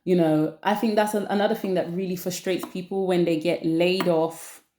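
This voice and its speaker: A woman's voice: on the low side, fairly even intonation, moderate pace, mellow. Chatty woman in a roomy space. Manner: chatty, rambling, repeats phrases for emphasis. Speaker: vlogger. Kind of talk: casual chat to camera. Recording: roomy echo.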